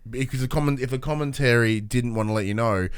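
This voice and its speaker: Young man, podcast co-host, casual chat, laid-back, casual swearing, resonant clear voice. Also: medium pitch, fast.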